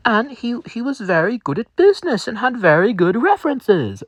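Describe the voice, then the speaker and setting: A man's voice: extremely high pitch, sing-song, moderate pace, no echo, pitched above the performer's own voice, full character voice. A man voicing a sheepish, rambling male company boss who stammers and apologizes. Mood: flustered.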